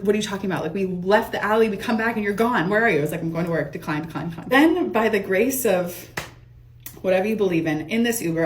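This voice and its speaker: A young woman telling a storytime monologue in a fast, animated, casual way, swearing and laughing often. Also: mid-range voice.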